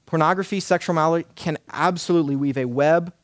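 Earnest man preaching, slightly high voice. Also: fast talker, no echo, studio quality. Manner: earnest, emphatic preaching with repeated lists. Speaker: pastor. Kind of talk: sermon.

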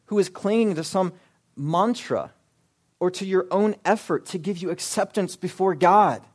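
A young adult man preaching a sermon as pastor, emphatic and full of rhetorical questions, swinging between loud pushes and hushed asides. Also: high-pitched.

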